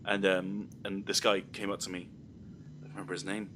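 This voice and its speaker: A man's voice: deep voice, little pitch movement, a little fast, noisy background. A young man hosting a podcast, telling rambling anecdotes in casual chat with lots of ums. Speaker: podcast host.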